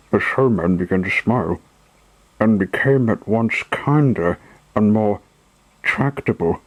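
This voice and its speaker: A man reading a children's story aloud in a measured narration. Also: on the low side, dry recording, rough recording.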